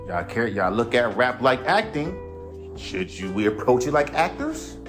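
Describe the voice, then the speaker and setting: A man's voice: mid-range voice, very animated, measured pace, music in the background. A man hosting his own podcast, a rapper ranting in a laid-back, rambling, profane way. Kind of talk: casual monologue.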